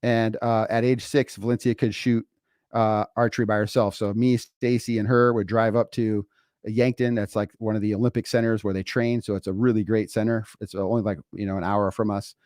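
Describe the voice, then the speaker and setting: Low-voiced man talking on a podcast. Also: little pitch movement, brisk, a little mellow, dry recording, studio quality. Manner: casual, emphatic, repeats words as he goes. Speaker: podcast co-host. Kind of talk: motivational podcast talk. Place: home studio. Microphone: remote streaming setup.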